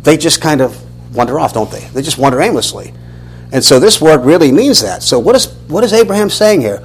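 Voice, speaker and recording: A man with a fairly high, husky voice teaches a Bible lesson as a sermon, speaking fairly quickly. He is animated and questioning, restarting often, and the audio quality is poor.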